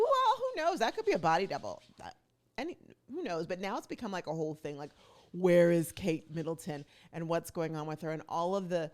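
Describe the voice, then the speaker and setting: A woman with a slightly low voice chats to her viewers in a relaxed vlog. She rambles from thought to thought, corrects herself mid-sentence and tosses in playful asides. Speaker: vlog host. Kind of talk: casual chatty vlog talk.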